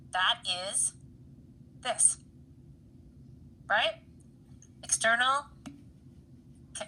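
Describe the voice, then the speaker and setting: A woman's voice: medium pitch, sharp tone, a little hiss or hum, low-quality recording. A woman instructor giving a casual anatomy lab lecture over slides, chatty and often checking in with her students. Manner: chatty, keeps checking in with "right, guys?"; laughs easily at her own jokes.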